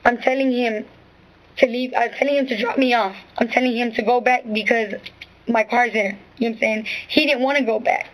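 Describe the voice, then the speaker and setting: A woman with a somewhat high voice tells her account to an interviewer. She rambles, curses freely and keeps restarting her sentences with filler phrases. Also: steady tone, a little fast, low-quality recording. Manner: rambling, profane, full of restarts and "you know what I'm saying". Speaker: witness being questioned.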